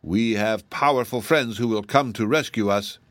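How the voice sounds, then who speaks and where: A man's voice: lowish voice, moderate pace, fairly bright tone, dry recording, natural voice. A man voicing a shrewd straw scarecrow who asks polite, probing questions in a storybook reading. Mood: wary.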